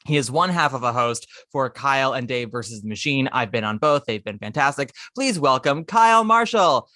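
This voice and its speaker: Bright, theatrical man hosting. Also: medium pitch, expressive, moderate pace, no echo, clean studio sound. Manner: theatrical, opinionated, playful. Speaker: podcast host. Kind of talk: casual podcast chat.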